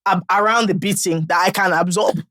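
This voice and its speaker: A woman with a Nigerian accent, co-hosting a podcast and telling stories in animated casual chat, with sudden exclaiming bursts. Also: mid-range voice, fairly quick, no room sound, studio quality. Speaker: podcast co-host.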